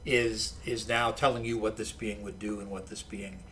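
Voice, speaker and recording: Slight background noise accompanies a man whose fairly low voice keeps a moderate pace. He's a college professor in a casual podcast interview, sharing lively anecdotes and restarting sentences again and again.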